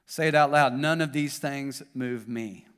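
A man's voice: medium pitch, measured pace, a bit bright, clear, resonant tone. A man pastor with a Southern US accent, preaching a sermon to his congregation, building up in intensity and then joking with the crowd. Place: church auditorium. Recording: long hall reverb.

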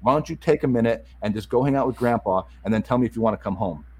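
A middle-aged man telling a story as a guest in a casual chat, animated, repeating words and acting out the dialogue. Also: mid-range voice, fast talker, slight background noise, rough recording.

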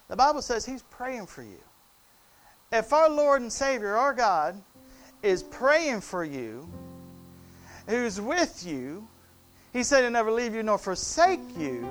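A man preaching a sermon, calling on the congregation and swinging between loud cries and hushed, quiet passages. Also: high voice, sing-song, slow pace, long pauses, soft background music. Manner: call-and-response preaching, rising to loud cries and dropping to hushed tones.

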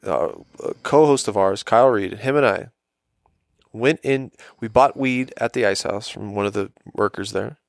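A man's voice: on the low side, normal speed, creaky, no room sound, studio quality. A man in his twenties telling a rambling, profane story in a casual podcast chat. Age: 20s. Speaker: podcast co-host.

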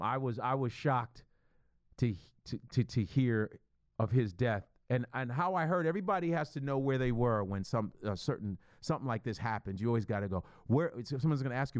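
A middle-aged man hosting a solo podcast, rambling profanely in an animated, stream-of-consciousness monologue. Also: medium pitch, no room sound. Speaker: podcast host.

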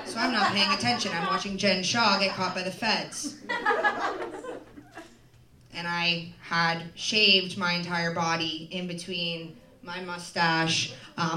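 Performing stand-up at a comedy club, a woman with a lowish voice rambles through a self-deprecating story with plenty of fillers. The background is noisy, and the echoey, far-off recording is dominated by loud crowd laughter.

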